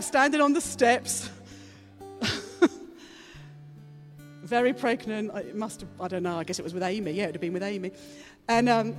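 A middle-aged woman pastor giving an Easter sermon to her congregation, chatty and animated, often leaping into high excited exclamations. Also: moderate pace. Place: church hall with congregation. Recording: reverberant hall with soft music behind.

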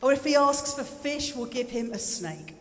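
A woman's voice: sits high, lively intonation, normal speed, fairly bright tone. A woman preaching a sermon in a chatty style, with joking asides and repeated phrases, in a church hall. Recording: echoey hall with music. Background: live instrumental music.

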